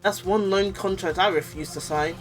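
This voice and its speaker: A woman playing a jittery young defense lawyer who pleads timidly. Game music plays softly behind. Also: mid-range voice, moderate pace, natural voice. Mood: nervous.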